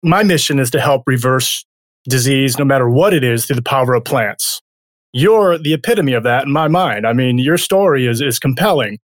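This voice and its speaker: A man's voice: mid-range voice, expressive, moderate pace, dry recording, clean studio sound. A male podcast host interviewing a guest in an upbeat, encouraging way.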